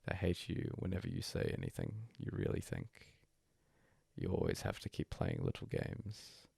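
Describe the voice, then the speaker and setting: Low husky guy reading a bedtime story, lots of fry, voice swings way up and down. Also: wildly swooping pitch, normal speed, dry recording, studio quality. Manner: hushed, breathy first-person monologue. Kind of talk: soft-spoken story reading.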